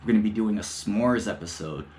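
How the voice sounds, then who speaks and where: A man's voice: on the low side, brisk, a little mellow, a little hiss or hum. A man hosting his own podcast solo, chatting casually in a loose, profane, storytelling way. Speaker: podcast host.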